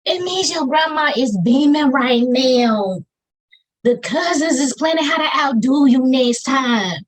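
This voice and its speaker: Over a low-quality video call with slight background noise, a poet with a Southern US accent recites her own spoken-word pieces using Southern slang and an emphatic rhythm. Her high voice has lively intonation and a slightly slow pace.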